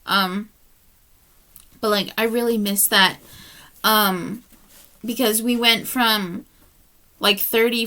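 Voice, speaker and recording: A woman's voice: medium pitch, pushed and bright. A woman reviewing books in a casual vlog, chatty and heartfelt, tired and yawning as she rambles. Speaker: book reviewer.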